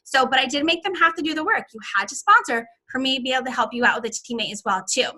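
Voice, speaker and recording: Woman, high voice, direct sales team leader, persuasive, coaching tone, interview talk. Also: quick pace, bright, forceful tone. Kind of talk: conversational podcast interview.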